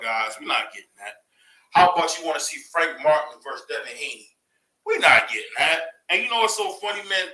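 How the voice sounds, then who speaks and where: A man hosting a boxing talk show, ranting in a casual, excitable way and firing off rhetorical questions. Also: a little high, echoey room, distant mic, poor audio. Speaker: boxing commentary host. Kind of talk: casual opinion commentary.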